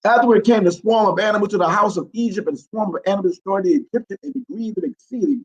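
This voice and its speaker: A man's voice: sits high, quick pace, hardly any pauses, muffled recording. A man reads scripture aloud, stumbling over words and breaking off into profane, incredulous commentary.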